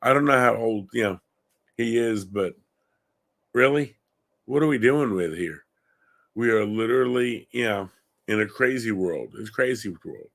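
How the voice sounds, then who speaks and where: A man's voice: on the low side, lively intonation, moderate pace, creaky, long pauses, a bit bright. A middle-aged man from Long Island, hosting a gun-focused show and giving opinionated, indignant commentary. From Long Island, New York. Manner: indignant, rising to heated emphasis.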